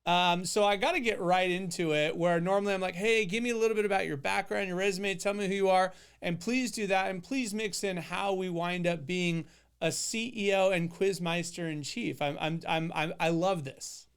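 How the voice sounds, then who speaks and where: An enthusiastic man hosts a podcast and welcomes his guest. His voice is high for a man, smooth and resonant. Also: fairly even intonation, normal speed. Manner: enthusiastic, eager. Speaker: podcast host. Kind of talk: podcast intro and interviewing.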